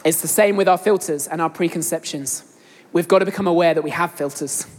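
A woman's voice: fairly low pitch, fairly quick, darkish tone. A young woman with an English accent preaching a sermon, earnestly addressing the congregation directly. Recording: long hall reverb.

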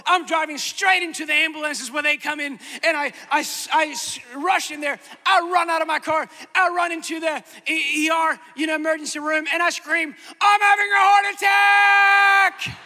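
A man preaching a sermon, telling a comic story about himself in an animated, dramatic, self-mocking way. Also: very high-pitched. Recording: long hall reverb.

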